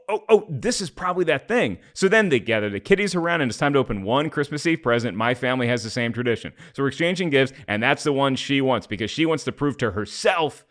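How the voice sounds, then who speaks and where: Rambling male podcast host, lively pitch, self-deprecating jokes. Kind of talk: casual chat.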